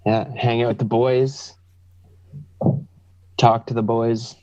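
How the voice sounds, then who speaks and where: A laid-back man who speaks slowly and drops in short agreements during a casual podcast chat. His voice comes through slightly muffled video call audio. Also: mid-range voice, flat delivery, a little mellow, dry recording. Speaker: podcast co-host.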